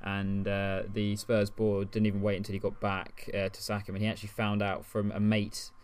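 A man's voice: lowish voice, monotone, moderate pace, clear, resonant tone. A man co-hosting a casual podcast, telling stories chattily with many ums and restarts. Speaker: podcast co-host. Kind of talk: casual chat.

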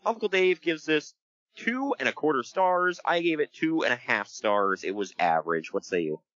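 A man hosting a casual podcast, recapping wrestling in an animated storytelling way and laughing often. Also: on the high side, normal speed, dry recording, lo-fi sound. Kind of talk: casual chat.

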